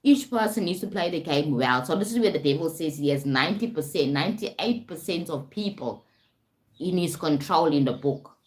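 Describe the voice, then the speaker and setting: A woman's voice: low-pitched, expressive, normal speed. A South African woman hosting a casual live talk, keeps checking in with her listeners by asking "right?" and "you understand?". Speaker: host. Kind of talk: casual live-stream talk on self-help.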